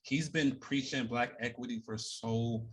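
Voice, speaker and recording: A man's voice: mid-range voice, steady tone, a little slow, slight background noise. A man co-hosting a casual discussion, earnest and emphatic, laughing often. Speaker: podcast co-host.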